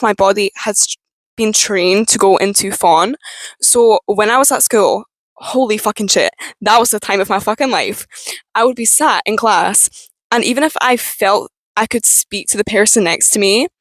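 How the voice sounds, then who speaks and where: A young woman speaks to camera in a frank personal talk, cursing freely and breaking off mid-thought. Her voice sounds strained and tense, and it sits at an ordinary middle pitch. The sound is dry and close. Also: dry recording, low-quality recording. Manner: frank, swears freely, halting restarts. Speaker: vlogger.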